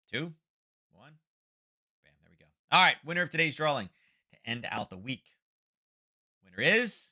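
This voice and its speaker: A man's voice: medium pitch, bright, forceful tone. A man hosting a trading livestream, chatting casually and rambling with wry asides. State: headache from wildfire smoke. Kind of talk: casual market commentary livestream.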